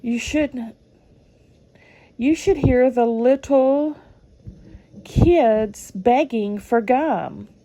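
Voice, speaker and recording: A woman's voice: fairly high pitch, expressive, very slow, long pauses, dark tone. A woman, reading old letters aloud and adding chatty comments between them. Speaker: channel host reading family letters.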